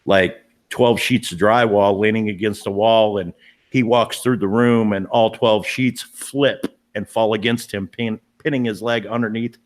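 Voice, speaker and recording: A man's voice: fairly low pitch, fairly even intonation, measured pace. A man, a paranormal investigator, telling a story in a casual live-stream chat, earnest and emphatic, often repeating himself and restarting sentences.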